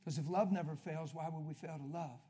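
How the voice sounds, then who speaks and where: A man preaching a sermon, telling a story and acting out both sides of a conversation, swinging from hushed talk to loud, emphatic preaching. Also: on the high side, steady tone, brisk.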